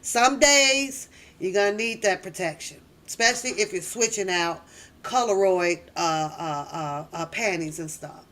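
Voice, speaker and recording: A middle-aged woman hosting a casual live chat, telling stories loudly, laughing often and cursing freely. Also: mid-range voice, normal speed. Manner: loud, laughing, profane storytelling. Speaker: livestream host.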